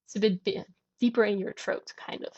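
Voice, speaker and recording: A woman's voice: medium pitch, fairly even intonation, brisk, a little mellow, muffled recording. A woman guest on a podcast, patiently explaining language and demonstrating sounds aloud. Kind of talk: conversational explanation.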